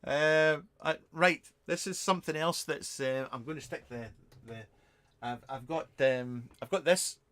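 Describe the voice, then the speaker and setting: During a live stream from his home shed, a British man over 50 who reviews vapes and hosts a channel chats loosely into a webcam, answering viewer questions. He rambles, stops himself often and mixes dry, self-mocking sarcasm with quick apologies and many fillers, in a fairly high, slightly bright voice.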